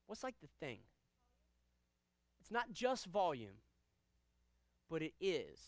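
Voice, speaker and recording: A young man teaching a karate class, switching between loud commands and relaxed, chatty explanations to students. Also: fairly high pitch, slow, no room sound. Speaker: karate instructor. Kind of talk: teaching a live martial arts class.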